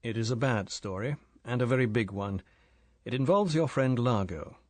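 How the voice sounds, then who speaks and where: A man's voice: mid-range voice, expressive, moderate pace, a little mellow, no room sound, lightly acted. A male narrator voicing a guarded secret agent who talks coldly and matter-of-factly. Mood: earnest. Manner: cold, matter-of-fact. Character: cool, guarded British secret agent, adult man.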